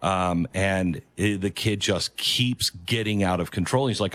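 A man's voice: deep voice, unhurried, a bit bright, no echo. A man hosting a commentary show, talking emphatically and repeating his key phrases as he reacts to clips. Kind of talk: opinion commentary over played clips.

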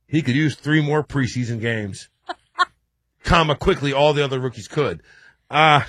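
A man hosting a sports talk radio show from a studio, talking in an excitable, animated way with many restarts. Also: mid-range voice, a little slow, dry recording.

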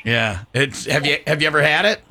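A man's voice: on the high side, a little fast, creaky, bright, forceful tone. A man from Wisconsin hosting a morning radio show, joking around and rambling, often correcting himself mid-sentence. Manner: jokey, rambling, self-correcting. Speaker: radio host.

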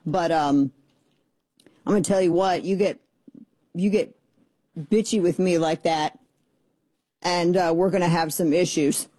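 A middle-aged woman hosting a political talk radio show, sarcastic and exasperated with quick asides. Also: on the low side, warm tone, no echo.

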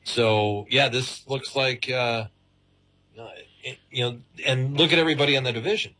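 Measured Midwestern sports analyst, husky. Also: male voice, medium pitch, steady tone, pushed and bright. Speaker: sports commentator guest. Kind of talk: casual sports talk.

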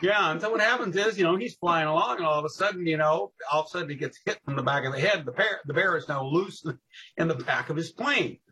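A man telling animated history anecdotes as a podcast guest, laughing at his own stories and jumping into voices. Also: fairly high pitch, quick pace, low-quality recording. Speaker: guest storyteller on local history. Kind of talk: casual podcast storytelling.

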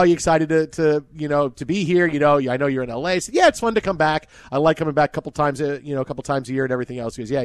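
A man hosting a sports radio show, chatting casually and telling stories in an animated, rambling way. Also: on the high side, clean tone, dry recording, studio quality. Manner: animated, rambling with restarts and laughs. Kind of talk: casual sports talk and storytelling. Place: studio.

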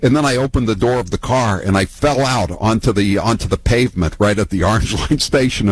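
Husky older man. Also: on the low side, no room sound. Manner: rambling, halting, many restarts and fillers. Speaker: political talk guest. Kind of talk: casual political storytelling.

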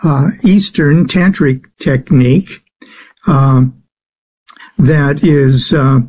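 A man with a fairly high voice talks slowly and haltingly as an interview guest. He fills his pauses with many "uh"s and restarts while he explains his subject at length. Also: a little mellow, slightly rough. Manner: slow, halting, many filler sounds. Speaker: guest expert on the occult. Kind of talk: interview answers.

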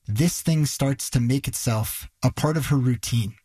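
A man's voice: mid-range voice, a little slow, few pauses, warm tone, breathy edge, no room sound. A male reporter retelling a story in a conversational, vivid way. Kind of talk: narrated news storytelling.

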